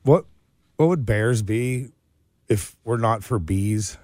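A man hosting a morning radio show, setting up corny jokes and landing punchlines flat in the studio. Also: on the low side, takes it slowly, dry recording. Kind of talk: joke-telling morning radio banter. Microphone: studio microphone.

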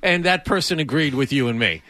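A man co-hosting a sports radio show, emphatically agreeing and quick to laugh. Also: fairly high pitch, lively intonation, bright, forceful tone.

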